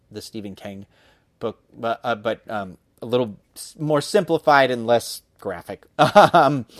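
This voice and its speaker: A man's voice: mid-range voice, no echo. A man hosting a podcast, reading a book aloud and chatting about it in a casual way, with many fillers and mumbled asides. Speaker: podcast host.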